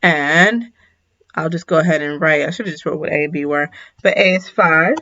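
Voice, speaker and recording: Tired and yawning, a woman math teacher talks through a recorded lesson casually, often self-correcting and tossing in apologies. Her voice sits low with a sharp tone at a moderate pace. The recording is muffled.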